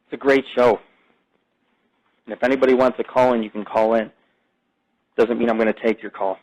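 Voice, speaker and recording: A male podcast host rambling through a casual monologue, swearing freely and wandering from one topic to the next. His pitch sits right in the middle for a man. The delivery is loose, unscripted and conversational. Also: steady tone, brisk, a little mellow, rough recording. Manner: profane, rambling, jumps between topics.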